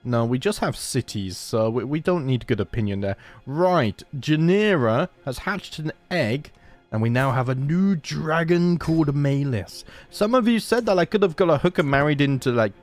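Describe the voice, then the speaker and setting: Wry man commenting on gameplay. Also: fairly high pitch. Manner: chatty, wry, thinks aloud. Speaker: gaming channel host. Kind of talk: casual Let's Play commentary.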